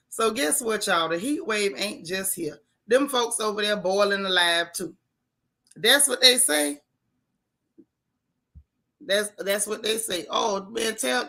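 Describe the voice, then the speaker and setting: Gravelly, bright-voiced woman livestream host. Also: mid-range voice. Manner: warm, chatty, Southern-Black-American vernacular, stretches greetings. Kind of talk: casual livestream chat greeting viewers.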